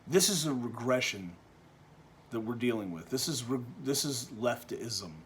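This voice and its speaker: A man from Texas, giving an opinion monologue that is full of restarts and swings between quiet, low stretches and loud, animated bursts. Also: slight background noise. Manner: halting, with frequent restarts and repeated words. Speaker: vlogger.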